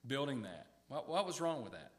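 A man delivering a sermon at an average pitch. He speaks conversationally, restarts his phrases and puts questions to the congregation. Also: sing-song, brisk. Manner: conversational preaching, repeats words, asks the audience questions. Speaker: preacher.

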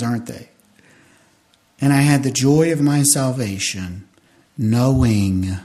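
A pastor in his fifties preaching a sermon, telling a personal story with strong feeling and swinging between loud bursts and hushed, intimate moments. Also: medium pitch. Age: 50s.

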